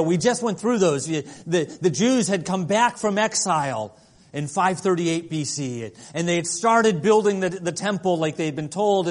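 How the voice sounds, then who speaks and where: Guy preaching a sermon, higher voice, earnest, goes quiet then builds up loud. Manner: earnest, dynamic, swings between soft and emphatic. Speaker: pastor.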